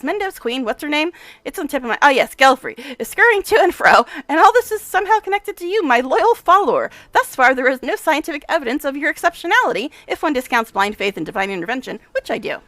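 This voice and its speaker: Woman reader voicing a game's excitable female scientist: high, lively, clinical lectures, dry close sound. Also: fast talker, no room sound, heavily acted. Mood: eccentric. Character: eccentric, excitable female scholar obsessed with science. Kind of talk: reading game dialogue aloud.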